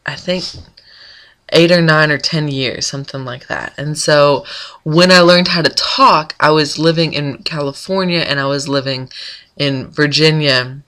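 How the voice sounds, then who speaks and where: Chatty woman blogger, bright voice. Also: sits low. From North Florida, US. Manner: chatty, rambling, frequent ums. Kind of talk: casual vlog chat.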